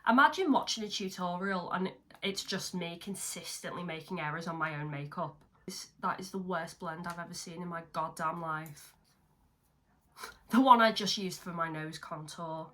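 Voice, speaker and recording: A young woman vlogs a makeup tutorial while seated at home, keeping the chat casual, making fun of herself and cursing from time to time. Her voice is fairly low, bright and forceful, at a moderate pace.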